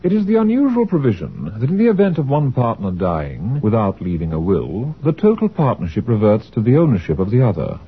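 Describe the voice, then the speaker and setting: An actor playing a wry, languid gentleman detective with a dry manner. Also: mid-range voice, wildly swooping pitch, fairly quick, hardly any pauses, husky, narrow, tinny audio, heavily acted.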